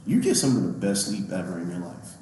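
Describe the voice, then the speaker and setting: Low-voiced man in echoey room. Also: fast talker. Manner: relaxed, reflective, chuckling. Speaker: recruiting training and evaluation NCO, guest. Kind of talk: casual interview chat. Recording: very echoey room with faint background hum.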